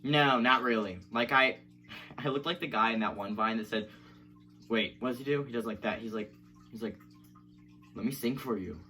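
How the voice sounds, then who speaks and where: Bright-voiced young man, chatty vlogger. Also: medium pitch, fairly even intonation, normal speed, a little hiss or hum. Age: young adult. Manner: chatty, self-deprecating, laughs often. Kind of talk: casual vlog chat and poem reading.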